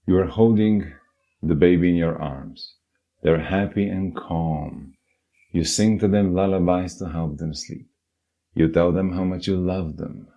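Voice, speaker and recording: A man's voice: sits low, mellow, lo-fi sound. A man giving a scripted, earnest self-help narration and speaking directly to the listener.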